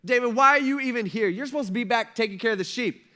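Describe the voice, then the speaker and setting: A man's voice: very high voice, quick pace, pushed and bright, pitched above the performer's own voice. Man doing a sneering older brother. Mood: scornful. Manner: sneering, accusing. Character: scornful older brother, tall young man, angry.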